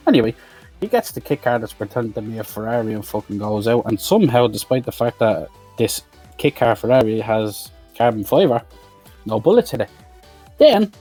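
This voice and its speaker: A man's voice: mid-range voice, fairly quick, warm tone, breathy edge, soft background music. A man giving a profane, mocking comic recap of a film as a reviewer. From Ireland. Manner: sweary, ranting, mocking.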